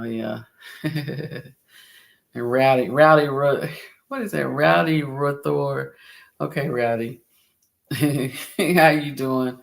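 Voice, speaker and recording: A man hosts a casual livestream into a computer mic. His voice is gravelly with a lot of fry and sits at a middle pitch. He talks in an upbeat, rambling way, laughs often and repeats phrases. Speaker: livestream host.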